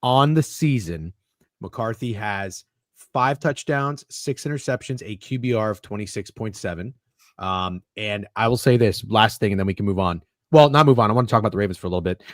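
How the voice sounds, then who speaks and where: A man's voice: lowish voice, brisk, no room sound, studio quality. A man hosting a sports podcast, steering the panel and citing stats in a casual, frank tone. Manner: leads the discussion, cites stats. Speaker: podcast host.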